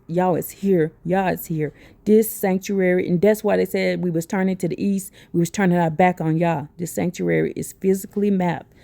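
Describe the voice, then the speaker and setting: A woman giving a religious teaching, reading text aloud and breaking into excited asides to her listeners. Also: medium pitch.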